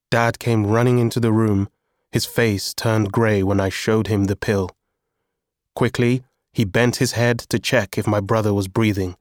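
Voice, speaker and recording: Slow, low-voiced male audiobook narrator. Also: fairly even intonation, no room sound, clean studio sound. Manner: slow, measured reading. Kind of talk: scripted first-person narration.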